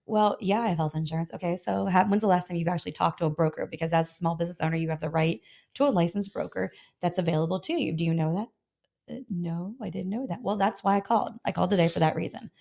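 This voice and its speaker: A woman's voice: lowish voice, quick pace, vocal fry, a little mellow. A middle-aged woman, a health insurance broker, telling stories in a casual interview and acting out both sides of her phone calls.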